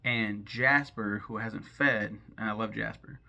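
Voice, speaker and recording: A man with a gravelly, fry-laced edge to a bright, forceful tone, talking through a film in a loose, rambling way. He is sarcastic and swears freely, and he stops and restarts his thoughts as he goes. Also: lowish voice, steady tone, unhurried. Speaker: film commentary host. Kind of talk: casual film recap and commentary.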